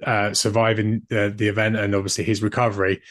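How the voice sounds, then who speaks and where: British guy co-hosting a podcast, lowish voice, dry close mic, chatty and animated. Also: fairly quick, no echo. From Britain. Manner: animated storyteller, restarts and mimics others. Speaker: podcast co-host. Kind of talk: casual chat.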